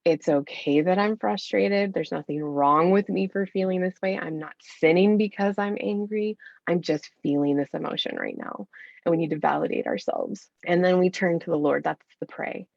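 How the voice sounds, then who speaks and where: A woman in her thirties speaks as a podcast guest, earnest and encouraging, addressing listeners directly. Her voice sits a little low. The recording is dry and somewhat dull. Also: sing-song, moderate pace, gravelly, no echo. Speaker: podcast guest, anger coach for mothers. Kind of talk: casual podcast interview.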